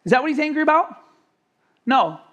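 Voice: high-pitched, sing-song, a little fast, a bit bright, highs cut off. A pastor preaching a sermon with emphasis, asking the congregation rhetorical questions.

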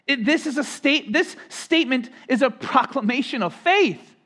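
A man preaches a sermon as pastor in a high-pitched voice. He swells louder and higher on key phrases, then drops back soft. He repeats and restarts words as he builds each point. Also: expressive, moderate pace.

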